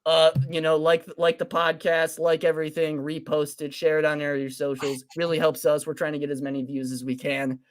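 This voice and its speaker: A young man co-hosting a casual sports podcast, his voice sitting a bit high for a man. He gets animated and loud when he makes a point, throwing in swearing and quick asides. The delivery stays loose and conversational throughout. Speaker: podcast co-host.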